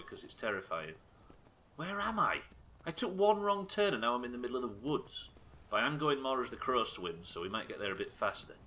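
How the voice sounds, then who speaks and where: A man's voice: lowish voice, sharp tone, a little hiss or hum. A man streaming a game live, chatting casually and joking with his chat, with frequent swearing. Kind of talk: casual commentary while playing.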